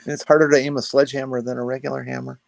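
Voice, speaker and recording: A man's voice: mid-range voice, level tone, racing, creaky, dry recording. A man making blunt, wry remarks in a casual group chat.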